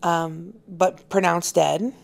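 Woman, interview guest, earnest, heartfelt, gravelly, lowish voice. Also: fairly even intonation, slow pace. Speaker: actress and author, interview guest. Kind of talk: casual interview conversation.

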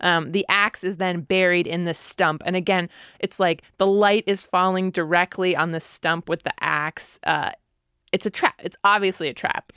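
A woman's voice: fairly low pitch, moderate pace, clear, resonant tone, no room sound, clean studio sound. Amused woman recapping a show. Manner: animated, amused storytelling. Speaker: podcast co-host. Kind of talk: casual TV recap chat.

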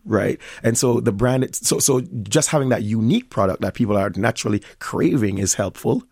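Man, Jamaican accent, middle-aged, interview guest, lowish pitch, dry close mic, animated, laughs easily. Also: fairly quick, vocal fry, slightly rough, no echo. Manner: animated storyteller, laughs often, many restarts. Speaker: restaurant owner, guest. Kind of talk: conversational interview.

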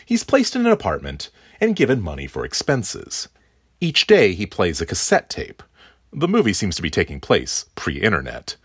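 A man reads a scripted film review in a husky, low voice. His pitch rises and falls very widely as he reads expressively. The studio sound is dry. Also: normal speed, dry recording. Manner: expressive, reading. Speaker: film critic. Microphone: studio microphone.

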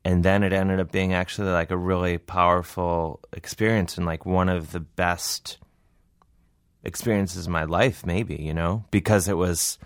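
A comedian tells a rambling, self-deprecating story in a casual interview. His voice is very low, and the recording sounds dry and close. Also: fairly even intonation, moderate pace, no echo. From Cleveland. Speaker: comedian guest.

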